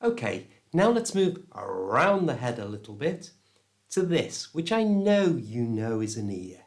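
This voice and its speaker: A British-accented man teaching an English lesson, modelling each word slowly and deliberately. His pitch swings up and down with plenty of life, and his pace stays unhurried throughout. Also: big pitch swings. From England. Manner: slow, clear and deliberate, modelling words for repetition. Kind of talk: pronunciation lesson to camera.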